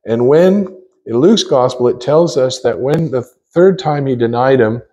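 Man, preacher, mellow voice, earnest emphatic sermon, chapel. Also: mid-range voice, creaky, muffled recording. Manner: earnest, emphatic preaching with slow stressed phrases. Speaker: visiting conference preacher. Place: church chapel.

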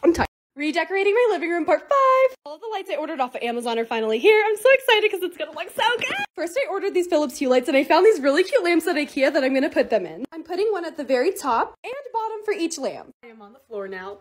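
A woman's voice: extremely high pitch, very animated, fast. A young woman narrating her lifestyle vlog in a bubbly, chatty, upbeat way. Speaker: lifestyle creator.

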